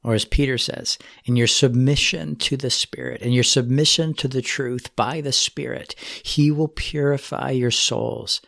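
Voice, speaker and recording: A man giving a sermon, speaking in an earnest, measured way as he exhorts his listeners. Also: mid-range voice, fairly even intonation, gravelly, fairly bright tone, no room sound, studio quality. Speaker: preacher.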